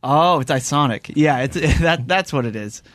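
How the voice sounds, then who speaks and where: Animated man telling a story. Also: a little high, normal speed, dry recording, clean studio sound. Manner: animated, laughs often, many restarts. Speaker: podcast host. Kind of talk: casual chat, storytelling.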